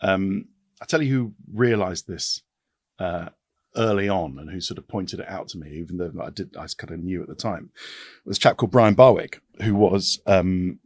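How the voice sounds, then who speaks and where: Low-voiced animated man. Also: no room sound. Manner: animated, quick restarts and repetitions. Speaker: podcast guest. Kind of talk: casual interview chat.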